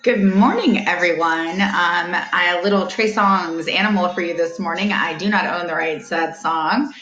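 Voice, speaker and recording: A woman's voice: lowish voice, normal speed, fairly bright tone, roomy sound, lo-fi sound, soft background music. A woman hosting a daily live video from home, chatting casually and rambling a little, laughing easily. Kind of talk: casual live vlog chat.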